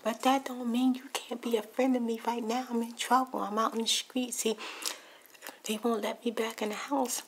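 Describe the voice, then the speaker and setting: A woman's voice: on the high side, level tone, moderate pace, slight background noise, pitched above the performer's own voice, close to an everyday voice. Woman acting out a frantic woman thrown out, in whispered role-play. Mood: indignant, desperate. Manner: pleading, rising to indignant outbursts. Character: distraught woman thrown out after cheating, frantic and pleading.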